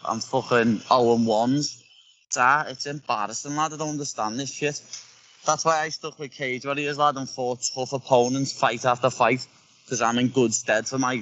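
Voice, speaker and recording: Brash young Scouse fighter, blunt slangy talk, bright tone, faint line noise. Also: male voice, mid-range voice, low-quality recording. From Liverpool, England. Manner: blunt and profane, lots of slang. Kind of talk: casual interview. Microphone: earphones on a remote call.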